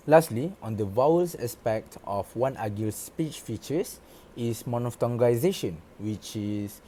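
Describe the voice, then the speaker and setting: A man's voice: medium pitch, mellow, slight background noise. Man giving a scripted class presentation. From Malaysia. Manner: explanatory, reads from prepared script. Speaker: student presenter. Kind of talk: academic presentation.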